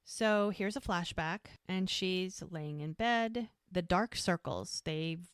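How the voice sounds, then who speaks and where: A woman's voice: lowish voice, slow pace, smooth, dry recording, clean studio sound. A woman co-hosting a casual podcast, retelling scenes and slipping into short quoted lines. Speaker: podcast co-host. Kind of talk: casual rewatch podcast chat.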